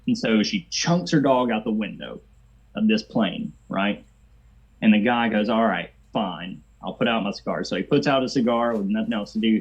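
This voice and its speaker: A man's voice: mid-range voice, a little mellow, echoey room, lo-fi sound. A man casually telling a long joke, rambling a bit with fillers as he goes.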